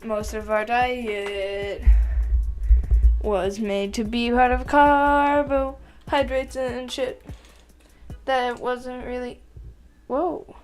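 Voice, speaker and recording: A teenage girl talking through her study notes in a slow, offhand way and swearing casually. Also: a little high, level tone, soft background music. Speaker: student.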